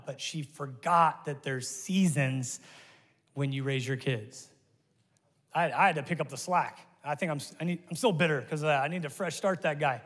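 A middle-aged man preaching a sermon as pastor, energetic and jokey, talking straight to his congregation. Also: on the high side. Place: large church hall. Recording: long reverb of a large hall.

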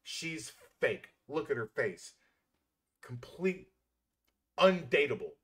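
A man's voice: medium pitch, very animated, slow pace, breathy edge. A man giving heated reaction commentary, blunt and scornful, swearing freely as he mocks the clip.

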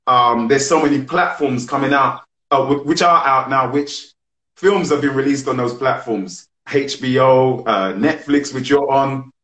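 Male host, mid-pitched, eager and talkative, roomy echo on the voice. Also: a little slow, fairly bright tone. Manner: enthusiastic, chatty, friendly. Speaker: interview host. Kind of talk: casual interview. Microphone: live video call. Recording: roomy echoey room sound.

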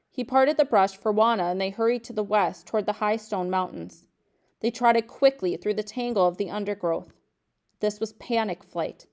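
A woman teacher reading a novel aloud to her class in a steady, measured narration. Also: medium pitch.

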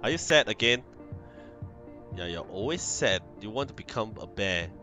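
A man's voice: on the low side, animated, moderate pace, over music. A man hosting a let's play, chatting playfully through casual gameplay commentary and talking to his game characters.

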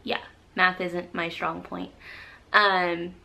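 A woman's voice: fairly low pitch, flat delivery, slow, vocal fry, bright, forceful tone, a little hiss or hum. A young woman vlogging casually to camera, chatty and rambling, short of breath as she talks. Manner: chatty, rambling, many fillers. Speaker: pregnancy vlogger.

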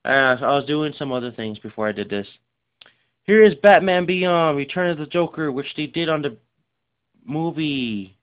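A tired man rambling casually through his game collection, with lots of fillers and rushed asides. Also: fairly high pitch, animated. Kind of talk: casual unscripted show-and-tell. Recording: dull lo-fi recording.

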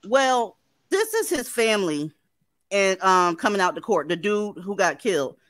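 A woman's voice: medium pitch, big pitch swings, a little slow, a bit bright, dry recording. A woman hosting a livestream, talking bluntly and sardonically to her viewers. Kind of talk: livestream commentary.

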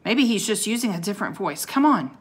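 A woman reading aloud and voicing an eager, chatty nine-year-old girl with a bright, raised voice. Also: medium pitch, lively intonation, a little fast, breathy edge.

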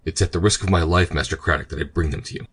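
A man's voice: sits low, steady tone, racing, a bit bright, slightly rough. A man voicing a frightened male ship's mate in an audiobook, speaking in a hesitating way. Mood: fearful.

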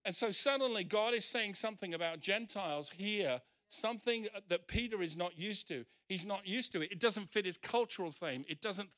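A man's voice: sits high, moderate pace, hardly any pauses, bright, forceful tone. A male pastor preaching emphatically at a church service, acting out the scripture quotes he reads. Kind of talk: sermon.

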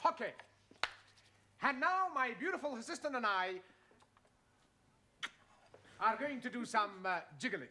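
A woman's voice: on the high side, unhurried, pauses often, close to an everyday voice. A woman voicing a showy male student from Greece with a Greek accent, presenting a juggling act. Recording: noisy background.

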